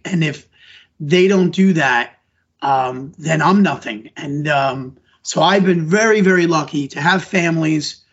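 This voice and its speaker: Husky earnest male teacher, lo-fi. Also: on the high side. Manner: earnest, rambling, restarts sentences. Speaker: elementary school teacher. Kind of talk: conversational podcast interview answers. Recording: dull lo-fi audio.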